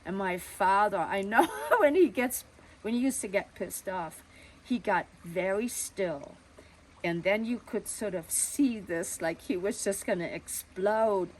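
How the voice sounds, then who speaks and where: A woman's voice: mid-range voice, unhurried, slight background noise, low-quality recording. An older woman telling a personal childhood story in a conversational way.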